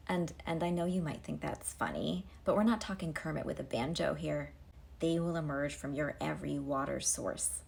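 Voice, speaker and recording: A woman's voice: deep voice, lively intonation, normal speed, vocal fry, a little mellow. A woman giving a comedic retelling to camera, wry and sarcastic, full of pop-culture asides. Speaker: comedic storyteller.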